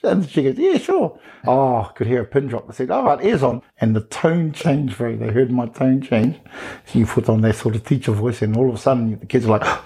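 A man, a teacher, chatting on a podcast, telling animated stories, slipping into quoted voices and calling his friend "bro". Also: mid-range voice, fairly quick, husky. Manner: animated storyteller, keeps saying "bro", acts out voices. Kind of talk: casual podcast chat.

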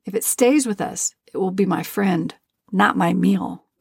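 A woman voicing a gentle young boy with a soft voice. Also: mid-range voice, measured pace, vocal fry, husky. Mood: earnest.

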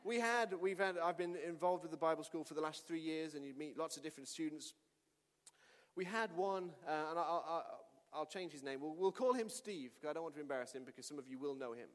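A male pastor preaching a sermon and telling a story with lively delivery that rises to shouts. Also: fairly high pitch, fairly quick. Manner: animated storytelling, shouting at climaxes. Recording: long reverb of a hall.

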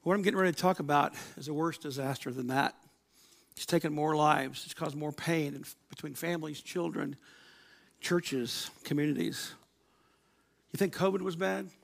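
Telling stories to his congregation, a middle-aged male pastor draws laughs and performs quotations in his sermon. He speaks at a moderate pace in a slightly high voice with vocal fry, recorded without echo.

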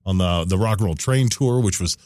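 Excited male radio host telling a story. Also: deep voice, a little fast, no room sound, studio quality. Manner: enthusiastic storytelling, acts out his own past excitement. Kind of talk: casual radio chat.

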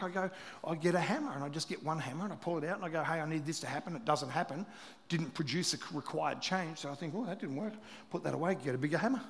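A middle-aged man preaching a sermon as pastor, telling stories with animated delivery that swings between loud and hushed. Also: high-pitched. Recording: reverberant hall.

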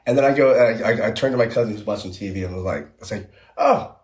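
A man's voice: fairly low pitch, racing, darkish tone, echoey room. A young man as a podcast guest, chatting casually and rambling with many fillers and restarts. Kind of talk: casual chat.

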